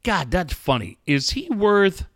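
A man's voice: high voice, sing-song, a little slow, fairly bright tone, no room sound, clean studio sound. A man hosting a casual talk show who swears freely and exclaims a lot. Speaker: host. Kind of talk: casual chat.

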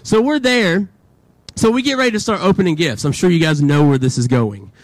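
A man's voice: fairly high pitch, a little fast, no room sound. A young man preaching to teenagers in a casual, chatty storytelling way, full of "like" fillers and acted-out quotes. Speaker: youth pastor.

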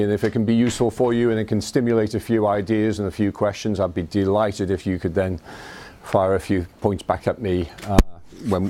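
A middle-aged man from Liverpool, England, speaking with a Scouse accent, is the invited speaker at an evening talk. He tells life stories self-deprecatingly, restarting often, in a slightly mellow voice on the low side.

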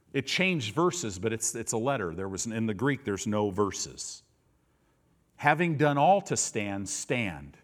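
A male preacher delivering a sermon who swings between low, intense passages and loud, high-pitched bursts, often repeating words for emphasis.

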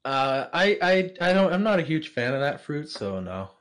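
A man's voice: a little high, very animated, normal speed, a crowd in the background. A man being interviewed on a casual podcast, hesitant with fillers, laughing often and making dry jokes. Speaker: podcast guest.

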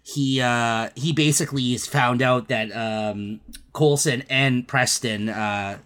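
Bright-voiced man laughing through a story. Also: mid-range voice, steady tone, slow. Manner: laughs while retelling scenes, many fillers. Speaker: podcast co-host. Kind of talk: casual comic book chat.

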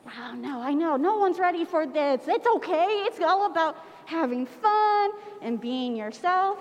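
A woman with a high, bright-sounding voice leads a playful Christmas pageant, coaxing everyone to act along. Her voice rings with the long reverb of a church sanctuary. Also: a little slow. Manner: animated, playful, coaxing the audience to join in. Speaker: children's pageant leader at church. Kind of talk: interactive storytelling for children.

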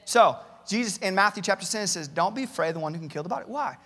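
Man, pastor, preaching, earnest, reads scripture aloud, raspy fry, echoing hall. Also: sits high, expressive, quick pace, pushed and bright. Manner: earnest preaching, reads many Bible verses aloud, repeats words at starts. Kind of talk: sermon. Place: church campus, large hall.

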